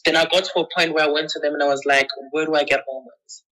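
A woman's voice: fast, rough recording. A woman being interviewed, candidly telling a personal story with emotion and acting out past conversations in her own voice. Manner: emotional, acts out past conversations with lively pitch jumps; checks in with the listener often. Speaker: interview guest.

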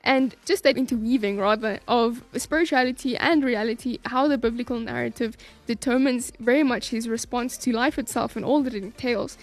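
High-voiced woman reading a book aloud. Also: brisk, hardly any pauses, faint music behind. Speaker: book reviewer.

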